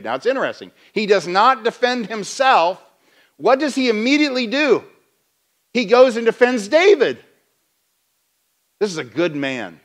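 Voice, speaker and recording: A male pastor giving a sermon in a church, in a conversational, animated way with many restarts. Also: sits high, normal speed.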